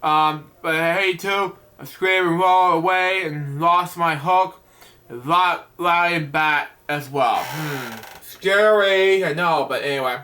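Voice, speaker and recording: A man with a high, bright voice reads a bedtime picture book aloud. He trips over words, restarts lines and keeps breaking off to chat about the story in a loose, offhand way. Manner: halting, stumbles and restarts words, chatty side comments. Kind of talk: reading a children's book aloud with casual asides.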